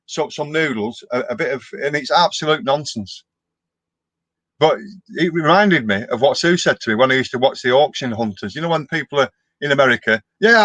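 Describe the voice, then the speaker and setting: A middle-aged man with a mid-range, slightly bright voice hosts a live stream as a vlogger. He answers viewer comments casually and down-to-earth, restarting often. No room sound is audible.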